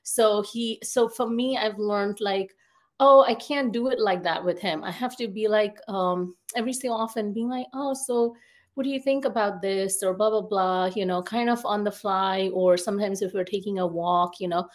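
A woman therapist in her thirties chats on a podcast at an ordinary middle pitch. She talks in loose, looping sentences full of fillers and self-corrections, thinking out loud as she goes. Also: fairly even intonation, normal speed. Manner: chatty, many fillers and restarts. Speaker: podcast guest, therapist and coach. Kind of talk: casual conversational interview.

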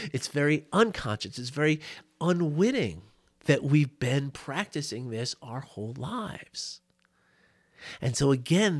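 A man giving a casual mindfulness lesson, chatty and prone to laughing, often tagging his points with "you know" and "right?". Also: on the high side. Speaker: mindfulness teacher. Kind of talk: casual teaching talk. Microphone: boom mic.

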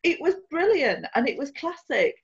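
A woman's voice: high voice, sing-song, moderate pace, highs cut off. A woman co-hosting a podcast, talking bluntly with a teasing edge. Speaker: podcast host. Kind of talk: casual chat.

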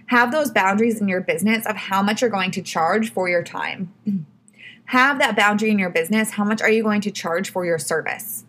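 A woman's voice: medium pitch, a little fast, a bit bright, a little hiss or hum. A woman hosting her own podcast, giving casual advice in a chatty way, full of "like" and "you know". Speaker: podcast host.

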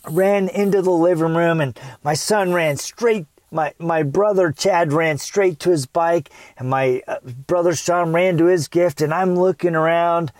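Earnest high-voiced man telling a story. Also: unhurried, no room sound. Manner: earnest, animated when retelling, acts out his child self. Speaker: parenting speaker. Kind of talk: personal storytelling.

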